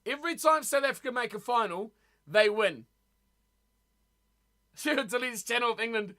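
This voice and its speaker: A man's voice: very high voice, moderate pace, long pauses, bright, forceful tone. A man hosting a casual live stream, chatting loosely and answering his viewers as he talks, often repeating words. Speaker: streamer reading live chat.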